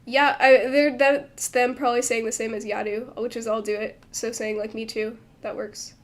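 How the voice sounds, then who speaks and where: A woman's voice: on the high side, flat delivery, normal speed. A woman streaming as she translates a manga, chatting casually and thinking aloud with many fillers and restarts, from a desk microphone at home. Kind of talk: casual livestream commentary.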